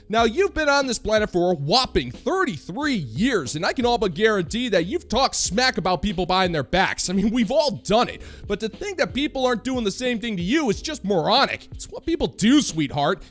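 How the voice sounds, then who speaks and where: Man, sarcastic commentary host, very high voice, lively swooping pitch. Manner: mocking, condescending put-downs.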